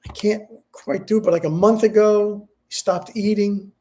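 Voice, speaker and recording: A middle-aged man speaks in a personal vlog while grieving, his voice sitting a bit higher than most men's. He talks haltingly and subdued, full of fillers and false starts as he searches for his words. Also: steady tone, mellow. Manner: halting, hesitant, many restarts and fillers. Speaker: vlogger.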